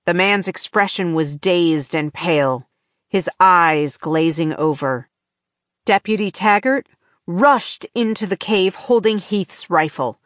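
A woman narrating an audiobook in measured, even storytelling on a close microphone. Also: on the low side, dry recording. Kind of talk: scripted narration.

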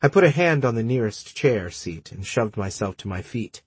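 A man narrating a story in the first person, measured and dry, with terse dialogue. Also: medium pitch, animated, slightly rough, no echo. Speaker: audiobook narrator.

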